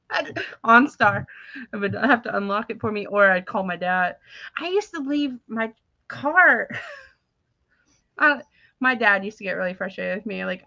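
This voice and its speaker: A woman's voice: mid-range voice, pushed and bright, no echo. A woman in her thirties co-hosting a casual chat, telling rambling stories, laughing often and acting out what others said. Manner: chatty storyteller who laughs often and acts out quotes. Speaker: podcast co-host. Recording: slightly dull dry recording.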